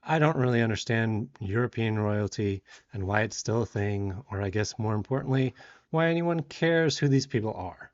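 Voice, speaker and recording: A man from the South, telling a lively story as a woodworking vlogger and shouting out the quoted lines. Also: fairly low pitch, moderate pace, highs cut off. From Southern United States. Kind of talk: storytelling voice-over.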